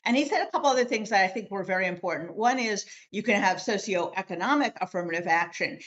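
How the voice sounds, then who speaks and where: A woman lawyer speaking as a guest on a political roundtable, making opinionated points in a measured way with frequent filler pauses. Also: mid-range voice, animated, a bit bright, muffled recording.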